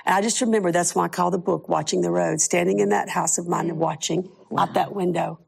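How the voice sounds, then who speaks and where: A woman's voice: on the low side, steady tone, a little fast, creaky, darkish tone, breathy edge. A middle-aged woman, a guest author, tells a heartfelt personal story on a faith talk show, close to tears.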